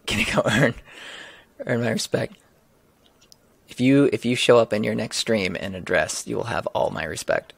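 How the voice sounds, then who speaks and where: Brief: wisecracking male streamer, gravelly voice, lively pitch, faint hum. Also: normal speed, pauses often, dry recording. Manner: joking, laughs often. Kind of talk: casual gameplay commentary.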